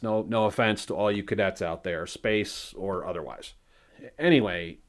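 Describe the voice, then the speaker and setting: A man hosting a solo podcast, rambling and swearing freely while he mocks himself. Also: fairly low pitch. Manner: rambling, profane, self-mocking. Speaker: podcast host.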